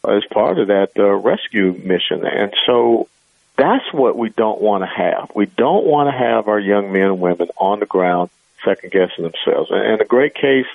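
Male radio guest, low voice, phone-line sound, dry, emphatic and argumentative. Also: animated, moderate pace, creaky, no echo. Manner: emphatic, argumentative, filler-heavy. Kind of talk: radio talk show interview.

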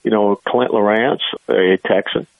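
A man's voice: on the low side, fairly even intonation, a little slow, vocal fry, no room sound, narrow, tinny audio. A man who is a guest on a radio talk show, arguing emphatically and often saying "you know". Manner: emphatic, argumentative, filler-heavy.

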